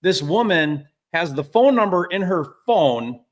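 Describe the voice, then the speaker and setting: High-voiced animated male storyteller. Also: a little slow. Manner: animated storyteller, acts out quotes. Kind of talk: casual storytelling chat.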